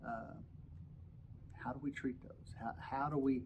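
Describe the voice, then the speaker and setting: A man's voice: mid-range voice, steady tone, unhurried, lo-fi sound, background noise. A man teaching an adult Bible class, reading scripture aloud and explaining it with many restarts and repeated words. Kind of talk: Sunday school lesson with scripture reading.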